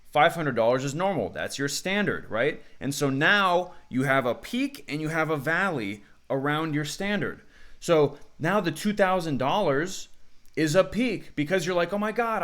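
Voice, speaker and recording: A man giving unscripted self-improvement advice to camera in an energetic, slangy way, acting out the people he quotes. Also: on the high side.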